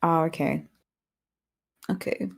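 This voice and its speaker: A woman's voice: low-pitched, fairly even intonation, slow, vocal fry, breathy edge. Chatty woman streamer who laughs a lot. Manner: chatty, laughs often, greets chat viewers. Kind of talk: casual live-stream chat while gaming.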